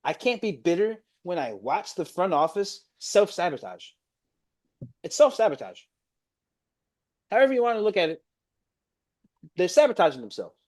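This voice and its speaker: Young New man, dramatic ranter, lively up-and-down delivery. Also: high voice, moderate pace, long pauses. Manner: exasperated, ranting, swings from mumbled gloom to loud outbursts. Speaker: co-host reacting to football. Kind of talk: casual ranting reaction stream.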